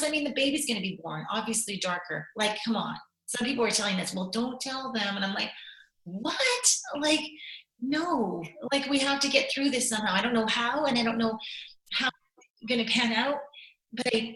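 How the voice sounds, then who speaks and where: A woman's voice: mid-range voice, fairly bright tone. A middle-aged woman, a talk show guest, telling an emotional personal story candidly and animatedly, her voice breaking into tears at times. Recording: roomy echo.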